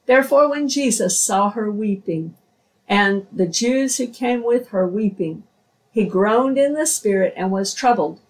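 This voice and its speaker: Woman scripture reader; slow and measured, recorded off-mic. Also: on the high side, far from the mic, low-quality recording. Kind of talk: scripture reading.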